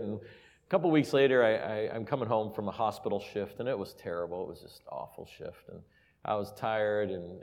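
A preacher with an emotional delivery in a reverberant hall. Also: male voice, lowish voice. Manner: emotional, builds from soft asides to loud emphasis. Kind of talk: sermon with personal storytelling.

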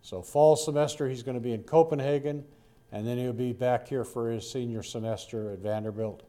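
Older male preacher, mellow voice, folksy rambling sermon delivery. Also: mid-range voice, fairly even intonation, a little fast. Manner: folksy, rambling with asides and restarts. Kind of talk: sermon Bible teaching.

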